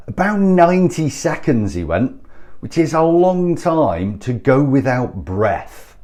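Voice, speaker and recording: A man's voice: mid-range voice, sing-song, slow, darkish tone. A man who works as a sales trainer, ranting bluntly and exasperatedly straight to camera with some swearing. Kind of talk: ranting direct-to-camera address.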